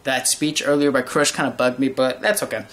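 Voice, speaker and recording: A man giving a casual anime episode review, animated and profane, with lots of fillers and restarts. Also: mid-range voice, a little fast.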